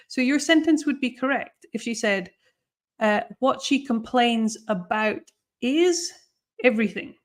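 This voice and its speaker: A woman in a live online class, explaining grammar to a camera with a lively, fairly high voice. She slows right down on example sentences, drawing the words out for emphasis. She counts students down before each task. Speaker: English exam teacher.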